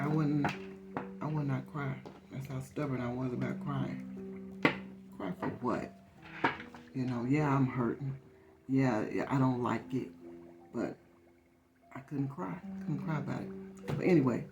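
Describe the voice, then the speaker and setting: A woman reading tarot in a casual, conversational way, repeating phrases for emphasis. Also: extremely low pitch. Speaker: tarot reader. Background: soft guitar music.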